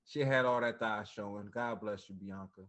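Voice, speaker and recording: A man co-hosting a wrestling podcast, recapping the show in casual, animated chat and acting out quotes. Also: on the low side, normal speed. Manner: animated storytelling with laughs and quoted voices.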